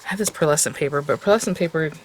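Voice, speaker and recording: A woman's voice: low-pitched, racing. A woman hosting a casual step-by-step craft tutorial, chatty and enthusiastic and talking straight to her viewers.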